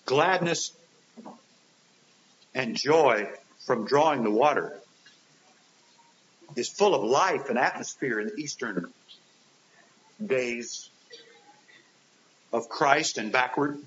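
An earnest preacher with a mid-range, slightly bright voice speaks slowly, leaving long pauses. He asks his listeners rhetorical questions, emphasis rising and falling, captured on a dull, hissy lo-fi recording.

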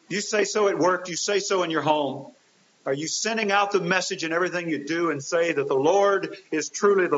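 In a dull, hissy lo-fi recording, a man preaches an earnest sermon, his emphasis rising and falling as he asks listeners rhetorical questions. His voice sits high and sounds a bit bright.

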